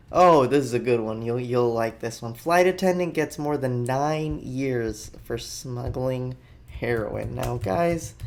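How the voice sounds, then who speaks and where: A male podcast host who reads out headlines and riffs on each one with offhand jokes. His delivery is loose and rambling, and his voice sits in an ordinary middle pitch. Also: gravelly, a little mellow. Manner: jokey, rambling, offhand asides. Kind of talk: casual comedic news commentary.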